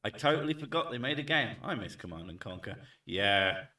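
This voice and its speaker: A low, bright-toned man trades jokes in loose, sweary stream chat. His voice is set back from the mic, so it rings around an echoey room. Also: expressive, fairly quick, far from the mic. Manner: joking, playful, swears, loud outbursts. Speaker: streamer host. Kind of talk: casual chat. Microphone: desk mic set back from him.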